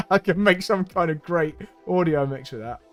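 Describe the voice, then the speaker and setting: A man's voice: high-pitched, expressive, measured pace, a bit bright, soft background music. A man chatting casually to his viewers while he drives in a racing simulator on a live stream, laughing easily as he talks.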